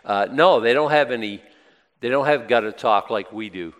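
A man's voice: mid-range voice, normal speed. A man with a Boston accent teaching scripture in a folksy, rambling way, often restarting his sentences. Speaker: preacher. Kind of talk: casual Bible teaching. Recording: long hall reverb.

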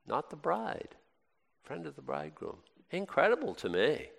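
Animated preacher in a reverberant hall. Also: male voice, fairly high pitch, moderate pace, gravelly. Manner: conversational preaching with rhetorical questions and sudden excited bursts. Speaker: pastor. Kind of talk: sermon.

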